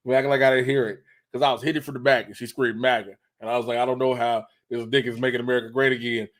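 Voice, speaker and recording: A man's voice: medium pitch, rapid-fire. A man, a comedian and co-host, telling a story in casual chat and acting out the dialogue. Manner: animated storyteller who acts out the dialogue.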